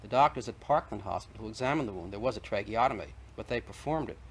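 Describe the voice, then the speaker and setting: In an old 1960s TV debate, a male guest with a lowish, expressive voice speaks quickly against slight background noise. He keeps pressing his argument, building his case one point at a time.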